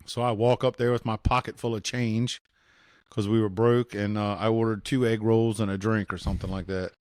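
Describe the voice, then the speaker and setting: A man in his fifties from Virginia, a podcast guest telling stories in a casual, animated way. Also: on the low side, brisk, clear, resonant tone, no room sound, clean studio sound. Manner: animated storyteller, acts out the people he quotes. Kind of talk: casual storytelling chat.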